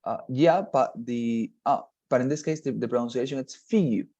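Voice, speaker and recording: A patient English tutor gives a one-on-one online lesson over a video call, explaining slowly with lots of fillers and restarts. His voice is mid-range with a dark tone, and the sound is lo-fi.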